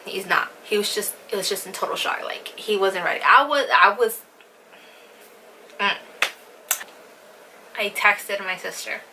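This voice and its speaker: A woman's voice: mid-range voice, a little slow, long pauses, noisy background. A young woman vlogger telling a personal story in a rambling, casual way, full of fillers and swearing.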